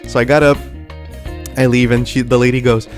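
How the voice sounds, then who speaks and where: A man's voice: mid-range voice, little pitch movement, a little fast, soft background music. A young man telling a dramatic true story to his viewers, talking to them as "guys". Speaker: vlogger. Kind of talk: storytelling vlog.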